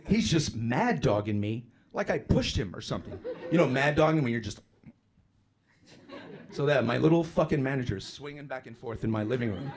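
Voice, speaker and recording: A man doing a stand-up comedy set, telling a profane story with sudden loud outbursts. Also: medium pitch. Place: comedy club stage with a live audience. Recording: live club with loud crowd laughter. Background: audience laughter.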